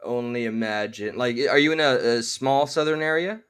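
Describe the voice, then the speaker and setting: A man's voice: medium pitch, normal speed, fairly bright tone, clean tone. Wordy male chat host. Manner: wordy, slightly formal phrasing with restarts. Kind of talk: casual chat. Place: his home.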